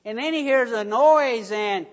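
A preacher delivering a sermon, telling a story slowly with emphatic stresses, in a church hall. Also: medium pitch. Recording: dull recording, long hall reverb.

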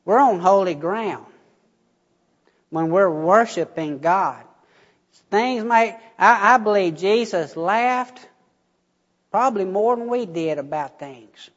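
A pastor with a fairly high voice preaches slowly and unhurriedly, folksy and chatty with his congregation. His voice rings out with a long reverb through the church sanctuary, and the sound is a little dull. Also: lively intonation. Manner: folksy storytelling, addresses congregation. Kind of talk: sermon.

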